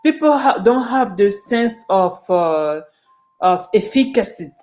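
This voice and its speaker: A woman's voice: medium pitch, expressive, measured pace, a little mellow, soft background music. Lady vlogging, super passionate, keeps restarting her sentences. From Ghana. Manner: earnest and passionate, with frequent restarts. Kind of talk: casual opinion monologue to camera.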